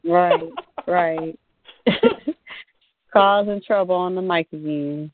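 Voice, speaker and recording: A woman co-hosting a call-in show with laid-back banter, quick to laugh. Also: fairly low pitch, slight background noise. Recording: phone line.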